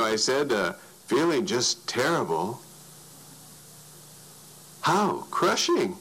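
A man narrating a story in an animated way, his voice swinging widely for emphasis. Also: fairly low pitch, slow, long pauses, low-quality recording.

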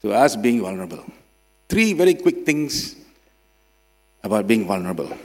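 Man, preacher, sermon, lively pitch, long hall reverb, mains hum. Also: normal speed. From Singapore. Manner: dramatic swings between loud emphasis and quiet drops.

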